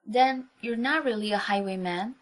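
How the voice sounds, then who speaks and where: A woman's voice: medium pitch, moderate pace, natural voice. A woman voicing a brave, wide-eyed little girl who speaks in a breathless, childlike way. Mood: wondering.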